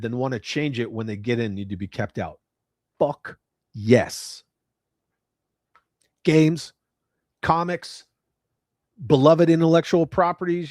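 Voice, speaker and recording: Middle-aged male streamer, swearing rant, lively swinging pitch, dry close sound. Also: no room sound. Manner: profane, ranting, reads chat aloud. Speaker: livestream host. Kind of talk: casual livestream chat.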